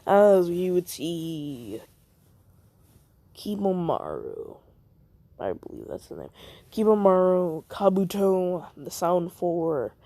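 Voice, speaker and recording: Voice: mid-range voice, sing-song, takes it slowly, pauses often, warm tone, dry recording. A fan storyteller rambling through a story, full of fillers and self-corrections.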